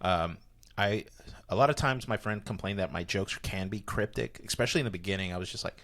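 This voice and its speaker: A man, a comedian, talking casually on a podcast, rambling and animated, with many restarts. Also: low voice, fairly quick. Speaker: comedian guest.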